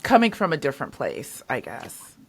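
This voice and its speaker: A woman hosting a casual interview, speaking thoughtfully with pauses and fillers. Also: very deep voice, wildly swooping pitch, slightly rough. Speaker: podcast host.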